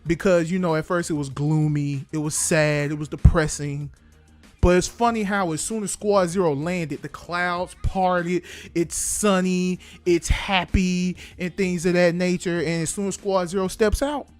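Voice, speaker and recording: High-voiced young man, slangy and animated. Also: measured pace, soft background music. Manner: animated, slangy, acts out scenes. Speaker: anime reviewer. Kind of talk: casual review vlog.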